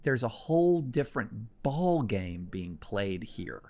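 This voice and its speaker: A man's voice: lowish voice, sing-song, takes it slowly, dark tone. Earnest, emphatic man as a podcast guest. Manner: earnest, emphatic, answers with conviction. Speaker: guest commentator. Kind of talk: podcast conversation.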